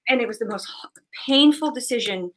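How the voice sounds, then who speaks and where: Woman in her forties, bright higher voice, animated storyteller, acts out the voices in her stories. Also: fairly quick. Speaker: guest, business owner. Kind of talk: conversational interview storytelling.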